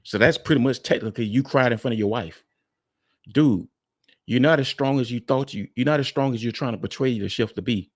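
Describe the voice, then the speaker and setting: A man's voice: mid-range voice, fairly quick, no room sound, studio quality. A man hosting a reaction video, talking bluntly and frankly to his viewers in casual commentary.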